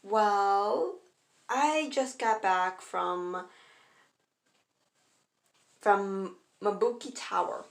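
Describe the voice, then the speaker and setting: A woman's voice: mid-range voice, extremely slow, creaky, pauses often. A woman voicing a boisterous older man who bursts in with news. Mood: eager. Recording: echoey room.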